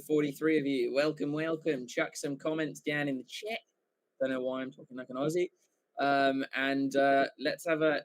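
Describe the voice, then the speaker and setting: A man giving live fan commentary for a watchalong stream, excitable, swearing casually and often correcting himself mid-call. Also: mid-range voice.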